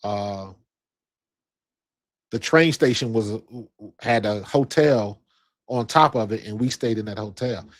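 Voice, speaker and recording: A man's voice: lowish voice, slow pace, pauses often, dry recording. A man hosting a sports podcast, chatting casually and rambling through a story in a laid-back way. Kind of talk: casual chat.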